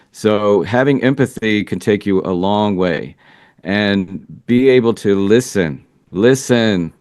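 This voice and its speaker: Reflective lowish-voiced male relationship coach. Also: darkish tone, no echo, studio quality. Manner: earnest and reflective, thinking aloud. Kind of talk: interview answers, casual advice.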